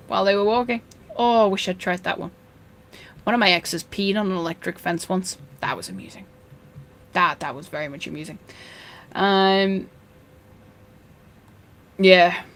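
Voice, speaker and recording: Rambling woman chatting about fish. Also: medium pitch. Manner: rambling and anecdotal, with dry jokes. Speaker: fishkeeping channel host. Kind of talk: casual chat.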